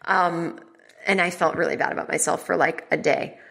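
A woman's voice: on the low side, fairly even intonation, moderate pace, vocal fry, fairly bright tone. A woman hosting a comedy podcast from home, telling a rambling, exasperated story and swearing freely. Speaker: podcast host.

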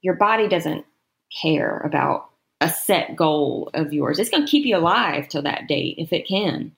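A woman's voice: sits low, animated, unhurried. A woman guest on a podcast, chatting in a friendly, encouraging way. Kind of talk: casual chat.

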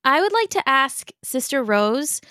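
A woman's voice: sits high, big pitch swings, measured pace, sharp tone, dry recording, studio quality. A woman playing a tabletop role-playing game, speaking thoughtfully with hesitations. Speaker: player.

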